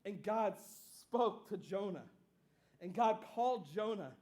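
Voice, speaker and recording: High-voiced casual preaching man. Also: unhurried. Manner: casual, conversational preaching with fillers and asides; animated storytelling, acting out scenes. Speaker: pastor. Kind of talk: sermon.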